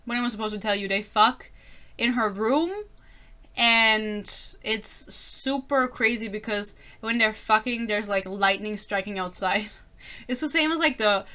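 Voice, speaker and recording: Young woman, non-native English speaker, bright and high-ish voice, casual sarcastic book-rant vlog. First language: not English. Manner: sarcastic, exasperated, laughing, frequent swearing. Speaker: book reviewer.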